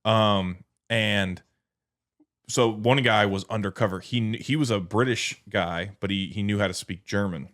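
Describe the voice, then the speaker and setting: Rambling Texan man, low voice. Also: measured pace, fairly bright tone. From Texas. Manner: rambling storyteller, lots of filler words. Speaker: podcast co-host. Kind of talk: casual chat.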